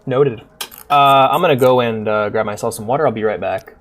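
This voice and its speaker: A man's voice: mid-range voice, brisk, background noise. Chatty man streaming a game. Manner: upbeat, chatty, laughs and swears casually. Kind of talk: casual gaming commentary.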